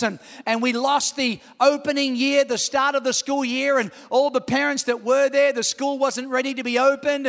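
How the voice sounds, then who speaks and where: A man's voice: extremely high pitch, creaky. A middle-aged man preaching a sermon as pastor, telling stories with energy and calling out questions to the congregation. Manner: animated storytelling preacher, calls out to the congregation. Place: church auditorium. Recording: long reverb in a large hall.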